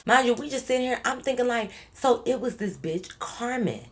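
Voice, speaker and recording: Animated young woman telling a storytime. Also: a little high, moderate pace. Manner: animated, slangy storytelling with acted-out quotes and swearing. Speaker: vlogger. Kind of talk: storytime vlog.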